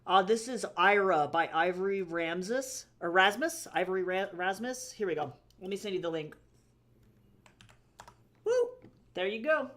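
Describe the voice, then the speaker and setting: A woman livestreams herself drawing a comic at her home desk with a drawing tablet, chatting casually and speaking fondly to her cat as she works. Her voice is medium in pitch and fairly bright, with lively intonation and an unhurried pace.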